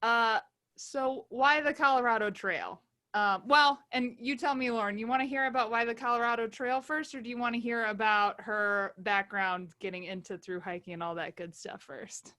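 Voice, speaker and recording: Woman co-host, upbeat and giggly, slightly high voice. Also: fairly even intonation, moderate pace, bright, forceful tone. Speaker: podcast co-host. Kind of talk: casual podcast interview.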